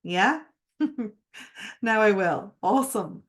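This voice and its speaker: A woman's voice: mid-range voice, lively intonation, slow. A middle-aged woman giving a live-streamed masterclass as a coach, speaking expressively and emphatically and asking the viewers direct questions. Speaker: mindset coach.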